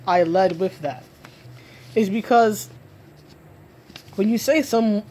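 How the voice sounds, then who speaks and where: A woman's voice: mid-range voice, slow pace, mellow, slight background noise. A woman giving an emphatic solo rant about comics, restarting and repeating herself often as she argues her point. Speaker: comic book commentator.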